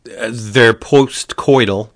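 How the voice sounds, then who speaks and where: A man co-hosting a casual podcast, retelling a book's plot and briefly voicing its characters. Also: medium pitch. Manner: animated retelling with quick put-on character voices. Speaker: podcast co-host.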